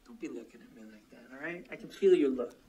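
A man's voice: medium pitch, fast, warm tone, slight background noise, lightly acted. An actor playing a laid-back, sarcastic young hitman. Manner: sarcastic, casual.

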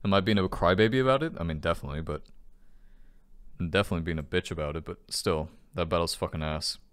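A man's voice: deep voice, quick pace, a bit bright, clean tone. A man giving frustrated, swearing commentary while playing a video game. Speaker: gaming channel host. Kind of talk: let's play commentary.

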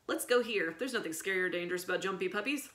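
A woman voicing a bold, quick-thinking schoolgirl who speaks urgently and decisively. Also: mid-range voice, expressive, a bit bright, reverberant, close to an everyday voice. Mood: eager.

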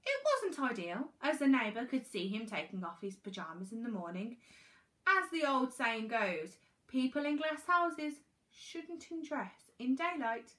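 An English teacher reading a children's storybook aloud, her voice high and lively. She takes her time and leans into the funny parts with big swoops in pitch. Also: a little slow. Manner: animated, expressive. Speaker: primary school teacher.

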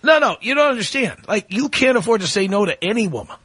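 High, bright-voiced badgering radio host. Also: male voice, very animated, fast, breathy edge. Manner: badgering, provocative, repeats his questions. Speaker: radio talk show host. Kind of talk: call-in radio talk.

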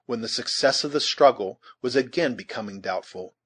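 A man narrating an audiobook in a measured, steady storytelling manner, with a husky voice. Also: medium pitch.

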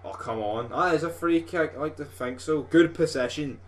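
A young Scottish man giving live, sweary gameplay commentary as a gaming video host, rowdy and excitable like a football fan. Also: on the high side, normal speed.

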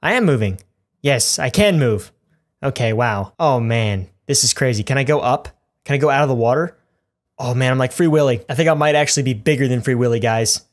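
A man's voice: mid-range voice, brisk. Male let's-play host, goofy and rambling, cracks crude jokes at the audience. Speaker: gaming YouTuber.

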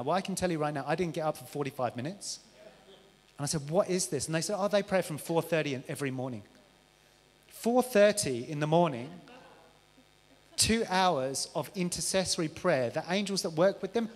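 A man preaching a lively testimony sermon to a church congregation. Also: on the high side. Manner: lively storytelling, animated quoted voices. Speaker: visiting preacher. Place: church auditorium. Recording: live church sound with long reverb.

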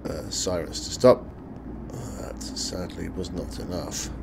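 A man with a sore throat and a croaky, gravelly voice, chatting casually and swearing freely as he comments on his own gameplay. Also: low-pitched, steady tone, slow pace, noisy background. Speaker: let's play host.

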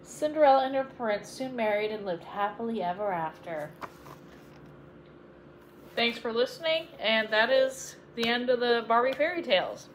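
Gentle storybook reader, woman, high voice. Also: animated, normal speed, a little hiss or hum, rough recording. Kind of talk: bedtime story reading.

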